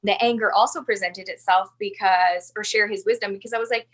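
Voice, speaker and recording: A woman's voice: medium pitch, steady tone, brisk, a bit bright. A woman in her thirties, a podcast guest, talking earnestly and confessionally, with many "like" fillers. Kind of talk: candid personal interview.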